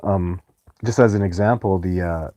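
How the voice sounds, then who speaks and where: A man hosts a live stream in a loose, rambling way, greeting viewers and reacting to their comments. His voice sits low and sounds mellow and warm. The sound is dry, with no room echo. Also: moderate pace. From Canada.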